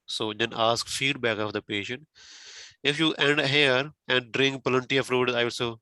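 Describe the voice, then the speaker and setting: Bright-voiced man tutoring with many fillers. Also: mid-range voice, fairly even intonation, normal speed, no room sound, rough recording. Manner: repeats "okay" and "you know" often, many fillers; patient, explains step by step with everyday examples. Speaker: tutor giving exam feedback. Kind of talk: spoken feedback on a mock speaking exam.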